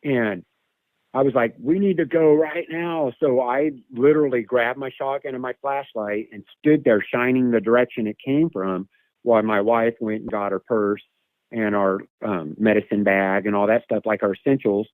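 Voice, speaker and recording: A man telling a camping encounter story in a casual, animated way, sometimes imitating animal calls, heard over a phone line. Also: lowish voice, moderate pace, no room sound. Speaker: caller sharing an encounter story.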